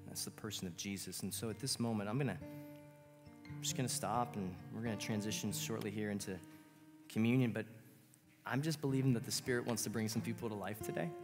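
Man in his thirties, pastor, casual earnest sermon, lowish voice, long hall reverb, guitar playing underneath. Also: fairly even intonation, a little fast. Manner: casual, earnest, self-deprecating humor. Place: church sanctuary.

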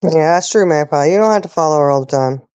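Woman host, low voice, dry sound, indignant ranting delivery. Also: fast, warm tone, smooth, dry recording, muffled recording. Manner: indignant, ranting, rhetorical questions. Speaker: live stream host. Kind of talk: casual live-stream talk.

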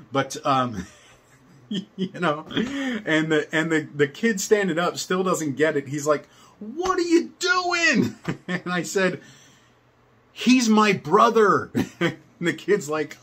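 A man's voice: on the high side, a bit bright. An older man casually telling a personal story, meandering with many fillers and chuckles.

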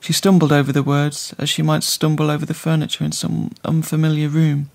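A man reading a literary story aloud in measured, scripted narration. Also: fairly high pitch, completely flat delivery, creaky, darkish tone. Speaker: audiobook narrator.

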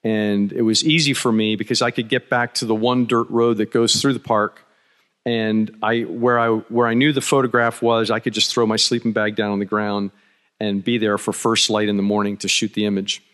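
A man's voice: on the low side, flat delivery, moderate pace, a bit bright. A man from Philadelphia giving a conference talk, telling a travel story with wry humor and frequent restarts. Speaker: conference speaker. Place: conference hall. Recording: long hall reverb.

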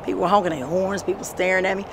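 A woman telling rambling, profane stories in a street interview, breaking into shouts. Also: fairly low pitch, rapid-fire, gravelly. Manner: profane, animated storytelling with sudden shouts. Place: outdoors on a city street. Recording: street noise and passing traffic.

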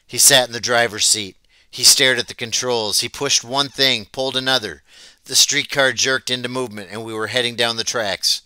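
A man reading a novel aloud as an audiobook, telling it in a plain, steady way. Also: mid-range voice, normal speed, clear, resonant tone, no room sound. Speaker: audiobook reader. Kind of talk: storybook read-aloud narration.

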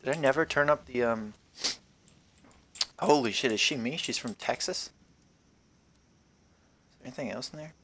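A man's voice: mid-range voice, moderate pace, long pauses, a bit bright. Profane, rambling young-sounding man gaming. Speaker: gameplay commentator. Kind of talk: casual let's-play commentary.

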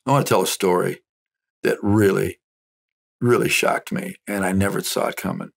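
A man minister telling a personal story, animated and acting out what others said. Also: low-pitched, normal speed, gravelly, slight background noise. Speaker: minister and speaker. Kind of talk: storytelling testimony.

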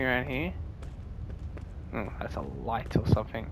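A man giving jokey, swearing let's play commentary and reacting loudly to scares. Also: medium pitch, sing-song, a little slow, creaky, pauses often, very noisy. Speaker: gaming video creator.

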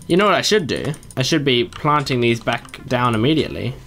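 A man doing Let's Play commentary at his computer, chatting to himself and breaking into excited high yelps. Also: a little fast, slight background noise. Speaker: gaming YouTuber.

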